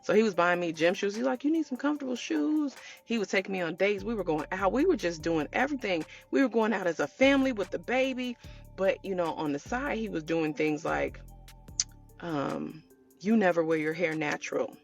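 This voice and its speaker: A woman telling her viewers a personal story in a casual storytime way, animated and chatty, calling them y'all. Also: on the low side, fairly quick, creaky, faint music behind. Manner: animated, addresses viewers as y'all, acts out quotes. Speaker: storytelling vlogger.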